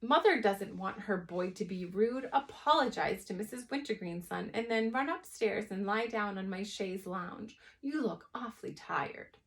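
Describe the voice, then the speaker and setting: A woman's voice: mid-range voice, animated, unhurried, few pauses. Field: storybook reading. Figure: a woman doing a cooing, doting mother. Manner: sweet, cooing. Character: doting, fussy suburban mother.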